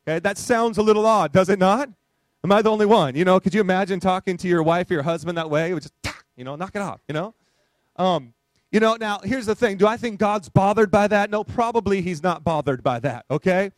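High-voiced man preaching a lively sermon. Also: fast talker, no room sound. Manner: animated, conversational, frequent rhetorical questions. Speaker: pastor.

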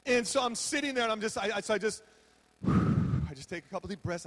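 Man, pastor, sermon, humorous storytelling, high voice, big reverberant hall. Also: expressive, fairly quick. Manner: humorous storytelling, acting out his own reactions. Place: large hall with a podium.

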